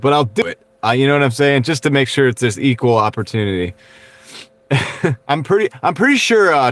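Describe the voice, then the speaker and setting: A Texan man chatting casually on a livestream from his car, laughing often and reading out viewer comments. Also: medium pitch. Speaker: livestreaming delivery driver. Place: car, while driving. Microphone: wireless clip-on mic.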